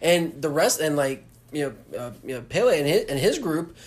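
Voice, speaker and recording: A co-host at a middling pitch recaps a film in a loose podcast chat. The speech stops and starts, full of restarts and fillers as the thoughts come together. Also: big pitch swings. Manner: halting, many fillers and restarts. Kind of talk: casual movie recap chat.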